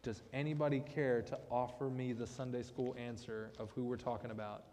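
A man's voice: medium pitch, little pitch movement, brisk, mellow, in a large hall, slight background noise. A man preaching a conversational sermon with joking asides, as pastor of a church. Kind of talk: casual sermon. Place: church sanctuary.

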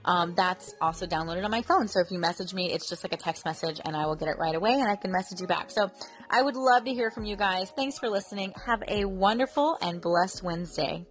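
A woman's voice: fairly low pitch, a little fast. A woman in her thirties hosting a casual devotional podcast, talking earnestly and chattily with many fillers. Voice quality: chatty, earnest, lots of fillers like um and you know. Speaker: podcast host.

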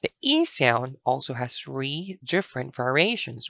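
Casting: unhurried, patient language tutor who spells and repeats, dry close sound. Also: medium pitch, sing-song, gravelly, bright, forceful tone, no room sound. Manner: patient, spells words out letter by letter and repeats each example. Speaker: language teacher. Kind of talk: pronunciation lesson.

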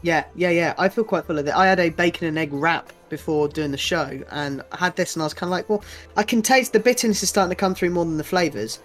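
A young British man co-hosts a podcast, rambling through casual chat at a fast clip, swearing offhandedly and laughing often. His voice sits a little high, with soft music faintly in the background.

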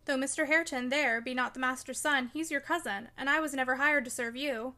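A blunt, plain-spoken farm servant woman, as a reader puts her on, using homely country words. Her voice is high and bright. She is firm and matter-of-fact with the girl she serves. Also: fairly quick.

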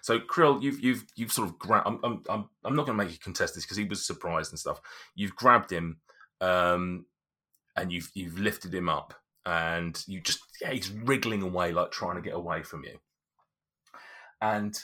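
A man's voice: low-pitched, moderate pace, bright, forceful tone. A man narrating as game master, hesitant and full of restarts.

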